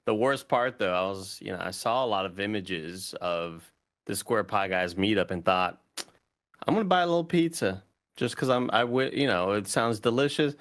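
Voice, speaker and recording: Laid-back man with a low voice. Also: animated, normal speed, a bit bright. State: sick, lost sense of taste. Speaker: podcast co-host. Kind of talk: casual chat.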